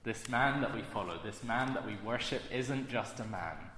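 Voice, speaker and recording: A man preaching a sermon in an earnest, measured way, slowing down to stress key phrases. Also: medium pitch, pushed and bright, slight background noise. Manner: earnest, measured delivery with slow emphatic phrases. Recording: echoey hall with long reverb.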